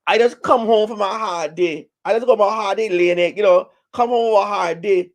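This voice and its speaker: A man's voice: sits high, brisk, voice pushed up, close to an everyday voice. A man doing a flustered rambling hen. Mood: ranting. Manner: rambling, complaining, broken grammar. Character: flustered male hen complaining about his mate.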